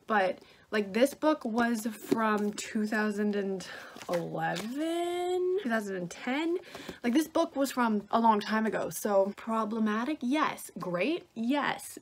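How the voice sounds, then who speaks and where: A woman's voice: mid-range voice, background noise. A young woman vlogging casually about books she reads at home, chatty and self-mocking, with lots of "like". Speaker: book vlogger. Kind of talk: casual vlog chat. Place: indoors at home.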